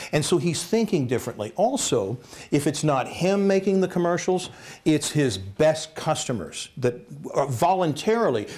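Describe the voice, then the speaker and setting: A man's voice: on the high side, darkish tone. A man from the United States giving a talk to an audience, telling anecdotes and acting out the people he quotes. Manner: storytelling, acts out quoted people. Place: lecture hall.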